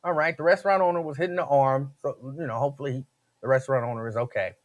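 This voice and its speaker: A man hosting a talk radio show, telling stories in an animated, slangy way. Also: medium pitch, very fast, highs cut off.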